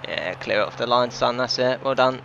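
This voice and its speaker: A man's voice: mid-range voice, a little fast, vocal fry, lo-fi sound, noisy background. Man commentating a football game. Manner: frustrated, swears often, shouts at players. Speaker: gaming commentator. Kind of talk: live gameplay commentary.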